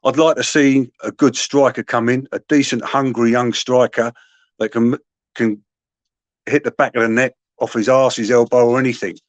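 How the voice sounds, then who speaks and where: A man's voice: mid-range voice, fairly even intonation, moderate pace, dry recording. A man giving earnest football opinions on a call, with hesitant fillers. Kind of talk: casual football chat.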